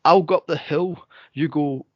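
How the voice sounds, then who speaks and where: A Scottish man, a podcast co-host, telling a spooky story in casual chat, animated and swearing freely. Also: fairly high pitch, moderate pace, no room sound, highs cut off. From Scotland.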